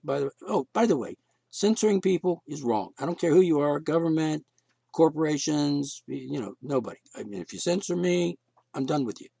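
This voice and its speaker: A man's voice: medium pitch, creaky, a little mellow, husky, dry recording. A man hosting his own podcast, talking alone in a blunt, profane, ranting way, and losing his voice. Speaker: podcast host. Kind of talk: casual solo podcast monologue.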